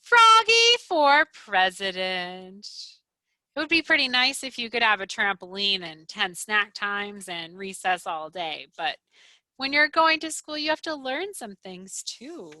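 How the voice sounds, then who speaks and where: A woman librarian reads a picture book aloud to children, gasping and asking them questions. Her voice is bright and swoops widely, and her pace is slow and clear. The sound is dry and close. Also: medium pitch, no room sound. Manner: animated, with gasps and questions to children. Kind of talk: children's storytime read-aloud.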